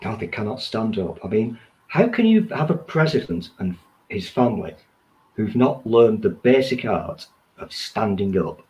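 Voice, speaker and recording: Man, lowish voice, very lively pitch, sarcastic podcast chat. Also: moderate pace, low-quality recording. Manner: sarcastic, teasing. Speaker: podcast co-host. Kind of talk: casual chat.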